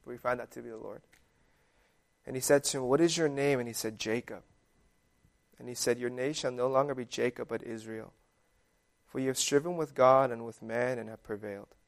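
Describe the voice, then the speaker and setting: A man's voice: medium pitch, brisk, vocal fry. A young man giving a casual, conversational sermon that is full of fillers. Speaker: preacher.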